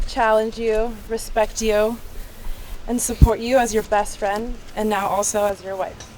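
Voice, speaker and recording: A woman's voice: mid-range voice, level tone, a little slow, darkish tone, a little hiss or hum, poor audio. A young woman, the bride, reading her wedding vows in a heartfelt and earnest way.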